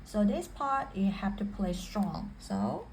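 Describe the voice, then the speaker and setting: A woman's voice: mid-range voice, very animated, slow, darkish tone, a little hiss or hum, rough recording. A woman teaching piano technique in a patient way, repeating and rephrasing each point. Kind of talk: spoken instruction. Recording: faint piano music behind. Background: piano playing.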